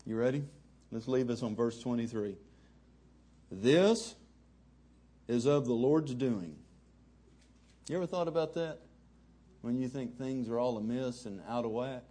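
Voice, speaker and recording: A middle-aged pastor with a drawl preaches in a folksy, conversational manner, spinning stories for his congregation. His voice is mellow and warm, with a husky edge. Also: medium pitch, brisk. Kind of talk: sermon with folksy storytelling.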